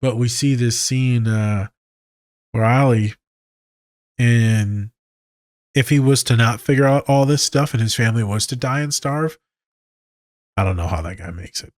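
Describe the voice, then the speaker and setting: A man's voice: medium pitch, measured pace, long pauses, dry recording, studio quality. A man, a therapist hosting a podcast, talking casually, candid and profane with a joking edge.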